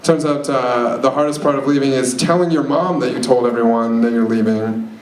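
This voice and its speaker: A man's voice: mid-range voice, fairly even intonation, fairly quick, darkish tone. A young man performing a stand-up set at an open mic, rambling and self-deprecating with lots of fillers. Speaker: stand-up comic. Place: open mic comedy venue. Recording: echoey room, noisy live venue.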